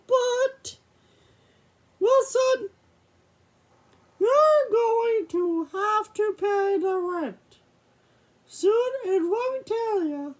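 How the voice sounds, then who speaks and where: A woman's voice: extremely high pitch, full character voice. A young woman voicing a stern cartoon mouse father in a homemade puppet show, scolding his son. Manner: scolding, nagging.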